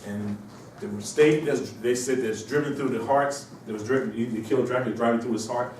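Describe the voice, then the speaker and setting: With a mid-range, darkish voice and fairly even intonation, a man with a cold briskly works through a rambling university lecture, asking his class question after question. The sound is distant and very echoey, with a faint hiss beneath.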